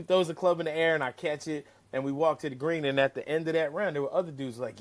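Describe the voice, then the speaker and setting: Man, slightly high voice, lively storyteller, salty language, acts out dialogue. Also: fast talker, few pauses. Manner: animated, profane, acts out quotes. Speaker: caddie-turned-broadcaster guest. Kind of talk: casual storytelling.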